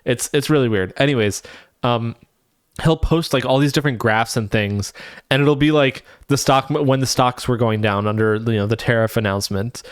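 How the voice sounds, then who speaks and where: A man's voice: mid-range voice, moderate pace, smooth, no echo, studio quality. A man streaming live, reacting with profane, laughing, rambling commentary.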